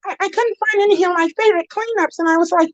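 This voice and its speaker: A woman's voice: extremely high pitch, quick pace, no echo, low-quality recording. A young woman on a live stream, rambling in a giggly, worked-up rant. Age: young adult. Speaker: stream guest.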